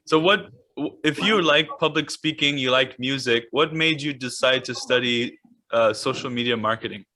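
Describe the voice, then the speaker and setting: A man interviewing a guest, asking questions and chatting in a relaxed way. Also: mid-range voice, moderate pace. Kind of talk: casual interview chat.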